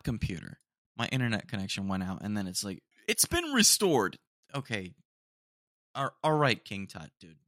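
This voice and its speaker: A man's voice: fairly low pitch, bright, forceful tone, dry recording, clean studio sound. A young man hosting a podcast alone, rambling casually and saying "dude" a lot. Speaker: podcast host. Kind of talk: casual solo chat. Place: home room.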